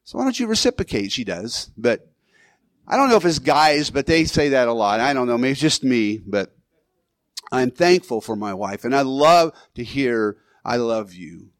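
A man's voice: mid-range voice, animated, normal speed, no room sound. A man preaching a sermon as pastor in a church, in a loose conversational way with restarts and the odd chuckle.

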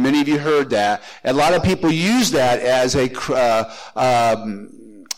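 A man's voice: mid-range voice, low-quality recording. Older male pastor, folksy sermon. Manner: folksy, joking asides with laughs.

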